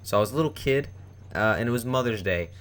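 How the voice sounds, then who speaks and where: A man's voice: mid-range voice, lively intonation, fast talker, fairly bright tone. A young man telling a personal story in a rambling, casual way, with many fillers and restarts. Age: young adult. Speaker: vlogger.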